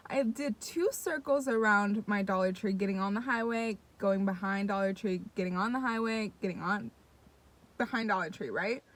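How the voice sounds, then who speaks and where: A young woman vlogger tells her viewers a story in casual, excitable chat sprinkled with profanity, addressing the audience directly. She speaks at a medium pitch and moderate pace.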